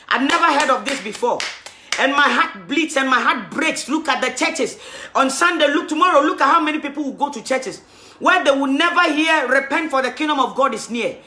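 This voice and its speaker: Fervent female preacher with a bright, piercing tone, streaming from a phone in an echoey room. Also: sits high, brisk. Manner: impassioned, rising to loud exhortation. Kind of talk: livestreamed sermon. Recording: roomy livestream audio, faint music.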